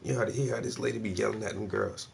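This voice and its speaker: A man's voice: lowish voice, fairly even intonation, very fast, creaky. A man ranting casually about his neighbors, slangy, profane and full of laughs. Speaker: vlogger, artist. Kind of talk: casual rant.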